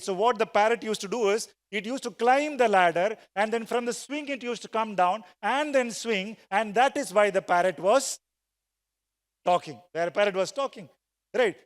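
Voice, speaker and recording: A man's voice: sits high, moderate pace. A man giving a motivational sales talk to a live audience in a large conference hall, telling a story and getting the crowd to answer aloud. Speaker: sales trainer speaking at a conference. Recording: long reverb of a big hall.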